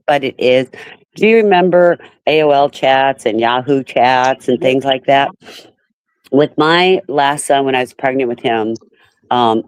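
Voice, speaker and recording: A woman's voice: very deep voice, a little mellow, clear, resonant tone, no echo. A woman in her fifties hosting a live stream, chatting casually and laughing often. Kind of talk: casual chat.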